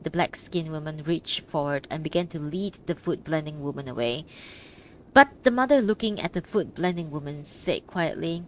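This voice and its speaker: A woman's voice: deep voice, expressive, slight background noise. Woman reading an audiobook. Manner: measured reading. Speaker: audiobook reader. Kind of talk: audiobook narration.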